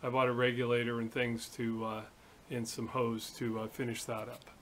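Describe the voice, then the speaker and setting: A man hosting a workshop video, chatting casually and telling a story in a relaxed, rambling way. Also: mid-range voice, moderate pace. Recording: echoey room from a distance, hiss.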